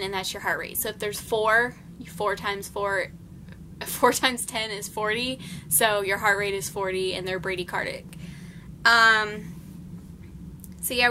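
Chatty young woman, bright voice. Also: mid-range voice, a little hiss or hum. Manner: chatty, many ums, explains plainly. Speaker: nursing student vlogger. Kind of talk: casual study recap vlog.

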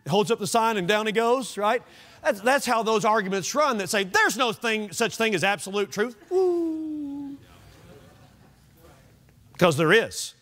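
A male pastor preaching an evening sermon in a church, animated and conversational, asking the congregation questions. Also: sits high. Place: church sanctuary.

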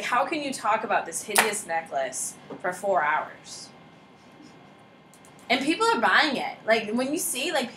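Bright-voiced joking woman teacher. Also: medium pitch. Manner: casual, joking, often says "like". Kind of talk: classroom lecture. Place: classroom. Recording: roomy classroom echo with faint noise.

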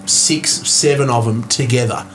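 A man's voice: medium pitch, fairly even intonation, moderate pace, fairly bright tone, soft background music. A man with an Australian accent, a musician guest talking in an easygoing, rambling way. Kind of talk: casual interview chat.

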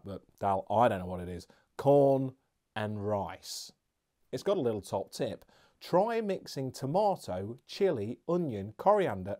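A man's voice: on the low side, darkish tone. A man reviewing beer and snacks in a casual, chatty, jokey vlog with rambling asides.

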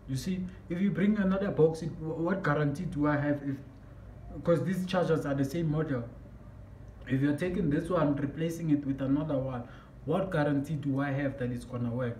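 A man telling a story on his vlog, animated and excitable, breaking into shouts, recorded in an echoey room. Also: fairly high pitch, fairly quick. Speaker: vlogger. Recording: echoey room, mic at a distance, faint background noise.

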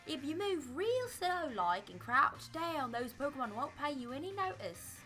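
A woman's voice: sits high, very animated, pushed and bright, soft background music, voice pushed up, exaggerated voice. A woman voicing a cheerful teenage boy rival from a game, reading his dialogue aloud in a put-on British accent that she struggles to keep up. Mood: chummy. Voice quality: halting amateur British imitation.

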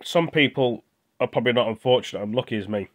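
A man's voice: mid-range voice, fast talker. A young British man talking with his mouth full, venting in a rambling, indignant casual vlog. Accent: British English. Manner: rambling and indignant, with restarts and repeated words. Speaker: vlogger.

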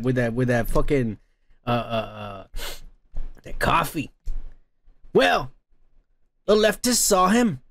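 A man hosts a comedy podcast in a high, gravelly voice. He rants crudely about the news, full of swearing and rambling tangents. He laughs at his own jokes, recorded close and dry. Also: a bit bright, dry recording. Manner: profane, rambling, laughs often. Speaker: podcast host.

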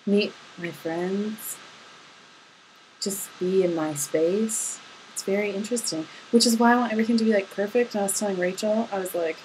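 A young woman talks straight to her partner in a video diary recorded at home late at night. She rambles in a chatty, giggly and affectionate way, at a middling pitch. A faint hiss of room noise sits behind her voice. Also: moderate pace, darkish tone, low-quality recording. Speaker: vlogger.

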